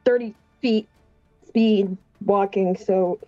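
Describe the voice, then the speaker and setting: A woman's voice: medium pitch, fairly even intonation, takes it slowly, warm tone, dry recording, faint music behind. Hesitant woman player, dull dry mic. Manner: hesitant, many ums, chatty asides. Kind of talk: casual tabletop game play.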